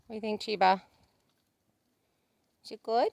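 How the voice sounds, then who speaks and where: Out on her farm, a woman vlogging about homesteading speaks casually to the camera and coos to her animals in a sing-song tone. She has a mid-range, creaky voice with a darkish quality, talks at a normal speed, and there's no room sound.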